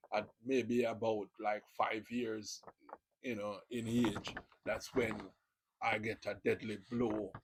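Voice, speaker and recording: A man's voice: fairly low pitch, darkish tone, a little hiss or hum, low-quality recording. A man with a Jamaican accent hosting his own video channel, giving a casual, rambling spoken testimony full of "you know" fillers.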